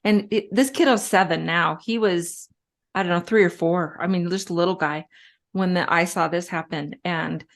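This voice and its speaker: A woman's voice: on the low side, moderate pace. A middle-aged woman speaking as a guest in a casual interview, chatty and storytelling with frequent fillers. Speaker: guest, respiratory therapist.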